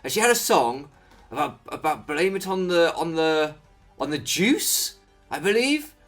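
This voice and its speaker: A man's voice: a little high, very animated, measured pace, soft background music. A man giving casual, rambling commentary over a Pokémon game, easily sidetracked and self-mocking. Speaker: Pokémon video creator.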